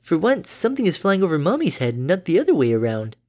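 A woman's voice: lowish voice, very animated, fast talker, a little mellow, voice pushed up. A woman voicing a clumsy, doting mother pony who stammers over her words in a fan fiction reading. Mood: joking. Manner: stammers on words, bubbly and tender.

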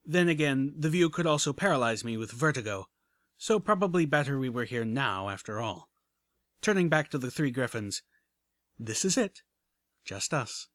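A man's voice: mid-range voice, animated, moderate pace, fairly bright tone, no room sound, clean studio sound. A man reading a first-person action story aloud with dramatic narration. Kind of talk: audiobook reading of fan fiction.

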